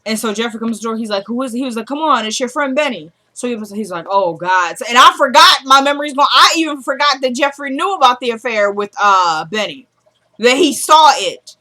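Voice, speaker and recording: A woman's voice: a little high, expressive, a little fast, bright, forceful tone. A woman casually recapping a TV drama episode, acting out the characters' lines as she retells each scene. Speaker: show recapper.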